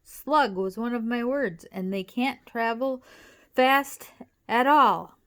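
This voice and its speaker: A woman's voice: on the high side, slow, a bit bright, voice pushed up. A woman reading aloud, voicing a clever, matter-of-fact young girl in a children's storybook. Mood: explaining.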